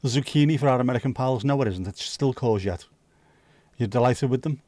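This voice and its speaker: A man hosts a casual livestream, answering viewers with sweary jokes and quick asides. His voice sits at an ordinary middle pitch. The sound is close and dry, with no room echo. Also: a little mellow. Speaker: livestream host. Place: home livestream setup.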